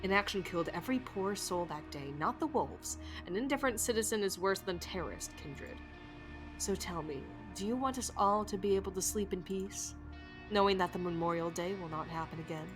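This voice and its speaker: A woman's voice: medium pitch, brisk, over music, lightly acted. A woman voicing a stern female interrogator in a game, putting on an accent and lecturing coldly. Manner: put-on accent, cold lecturing tone.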